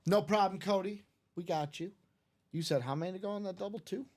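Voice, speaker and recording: A man's voice: sits high, brisk, darkish tone. Upbeat man hosting a card break. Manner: upbeat, rattles off player names, jokey. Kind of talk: live stream card break chat.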